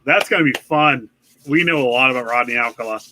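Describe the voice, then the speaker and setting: A man's voice: mid-range voice, quick pace, noisy background. A man co-hosting a casual live-streamed podcast, rambling with many fillers and swearing often. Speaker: podcast co-host.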